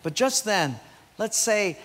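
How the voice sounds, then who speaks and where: A man's voice: high-pitched, slow pace, big-room sound. A man, a pastor, preaching a sermon and telling stories with acted voices. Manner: storytelling with acted voices, animated. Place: church sanctuary.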